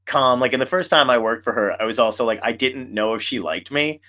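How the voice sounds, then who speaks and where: Animated, swearing male podcast host. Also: medium pitch, fairly quick, highs cut off. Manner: animated storyteller, swears a lot. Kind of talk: casual chat.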